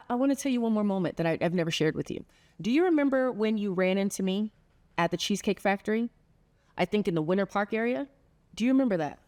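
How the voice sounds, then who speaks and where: A woman's voice: medium pitch, lively intonation, quick pace, a little mellow. A middle-aged woman hosting a heartfelt sit-down conversation, telling a story earnestly and laughing often. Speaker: podcast host.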